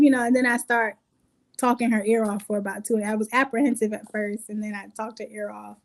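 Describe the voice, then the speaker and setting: Young woman telling her story, kinda high pitched, animated, does little voices for people. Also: fairly quick. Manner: animated, acts out quotes with laughs. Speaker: guest. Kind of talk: conversational storytelling.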